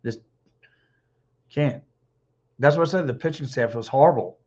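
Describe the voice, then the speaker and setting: A man in his fifties hosting a podcast, talking sports alone and reading out live comments, blunt and excitable, repeating himself, a little hoarse with a dry throat. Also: mid-range voice, moderate pace. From Philadelphia. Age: 50s. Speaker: podcast host. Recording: dull lo-fi stream audio.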